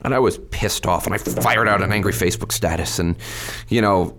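A man answering interview questions in an animated way, often acting out what people said. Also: deep voice, background noise. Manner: animated, quick to anger, acts out quotes. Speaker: state legislator and guest.

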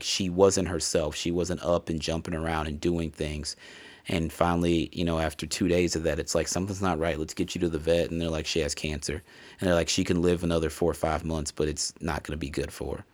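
A man giving a casual, rambling game review, emotional and full of swearing. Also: low voice. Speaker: gamer reviewing a video game. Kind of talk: casual solo review talk.

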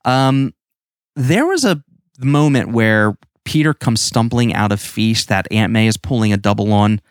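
Rambling low-voiced man, dry mic. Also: unhurried, smooth, no room sound. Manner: rambling, animated, restarts often. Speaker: podcast co-host. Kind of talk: casual comic book discussion.

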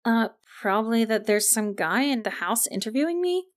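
A woman's voice: on the high side, expressive, moderate pace, close to an everyday voice. A woman voicing a wary teenage girl. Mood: anxious.

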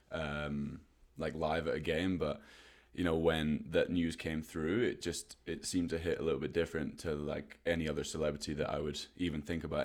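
A young man with a British accent and a low voice, co-hosting a casual podcast. He chats in a relaxed, joking way and wanders through his points with plenty of fillers. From United Kingdom. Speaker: podcast co-host.

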